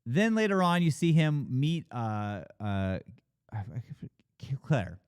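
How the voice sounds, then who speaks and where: A man talks through a movie plot in loose, casual chat, swinging his voice high whenever he mimics a character. He swears often and leans on fillers like "like" and "you know." The sound is close and dry with no room echo. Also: slow, clear, resonant tone. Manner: animated retelling, acting out characters' lines with big pitch jumps. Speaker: podcast co-host reviewing a film.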